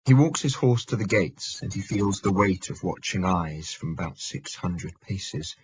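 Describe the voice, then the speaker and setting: A man narrating a historical audiobook in a measured, steady manner. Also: sits low, slightly rough, dull audio. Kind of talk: scripted narration.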